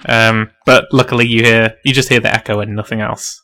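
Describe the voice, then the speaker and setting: A man's voice: mid-range voice, little pitch movement, moderate pace, few pauses, sharp tone, clean tone. A man narrating a tabletop role-playing game as game master, casual and full of fillers, laughing often.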